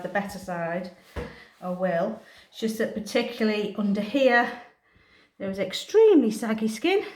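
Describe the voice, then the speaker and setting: A woman, a cat groomer, soothing the cat in gentle cooing words and explaining her work as she goes. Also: medium pitch. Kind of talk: talking through a grooming session. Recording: roomy echoey grooming room.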